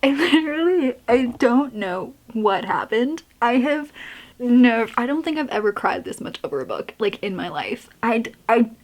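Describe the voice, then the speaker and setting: A woman's voice: fairly high pitch, very animated, normal speed, soft background music. A young woman book vlogger chatting casually about a book series, rambling, laughing often and filling her talk with "like". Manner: rambling, emotional, laughs often, many fillers. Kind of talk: casual reading vlog chat.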